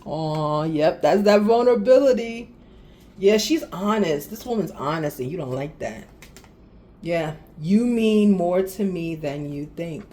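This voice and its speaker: A woman's voice: fairly low pitch, expressive, a little slow, warm tone. A woman doing a casual spiritual card reading, talking straight to viewers with laughs and exasperated asides. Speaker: tarot reader.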